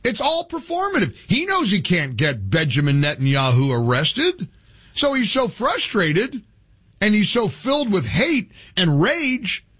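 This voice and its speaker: A man's voice: high voice, unhurried, husky. A man hosting a talk radio show, delivering a heated, opinionated monologue with many restarts. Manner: heated, animated, stumbling restarts. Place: radio studio.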